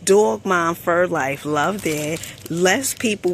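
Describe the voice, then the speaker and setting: A woman from New Jersey chatting through a store haul vlog, sassy and quick with asides, calling viewers honey. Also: on the low side, a little hiss or hum. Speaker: shopping haul vlogger. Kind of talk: casual product review vlog. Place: inside a store.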